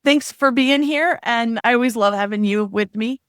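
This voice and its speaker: A woman's voice: fairly high pitch, normal speed, smooth, dry recording, clean studio sound. A woman hosting a podcast, talking in an upbeat, affirming way. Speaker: podcast host. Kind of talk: casual podcast interview.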